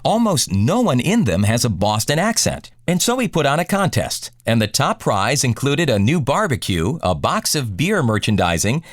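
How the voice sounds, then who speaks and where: A man hosting a radio countdown show, reading scripted song intros in a smooth announcer delivery. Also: medium pitch, big pitch swings, moderate pace, hardly any pauses, dry recording, clean studio sound.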